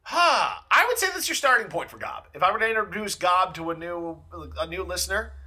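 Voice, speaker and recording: A man co-hosting a casual music podcast, retelling comedy bits with animated impressions. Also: high-pitched, brisk. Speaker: podcast co-host. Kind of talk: casual chat.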